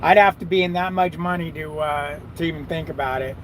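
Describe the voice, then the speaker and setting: A man's voice: on the high side, brisk, fairly bright tone, a little hiss or hum, low-quality recording. A man who drives trucks, chatting and cursing freely with viewers on a live stream from his cab. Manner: profane, rambling, talks to viewers and his dog. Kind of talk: casual live chat.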